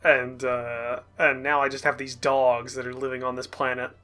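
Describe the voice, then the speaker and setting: A man chatting casually as a player in a gaming session, joking, quick to laugh and firing off animated questions. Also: medium pitch, faint music behind. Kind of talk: casual multiplayer gaming chat.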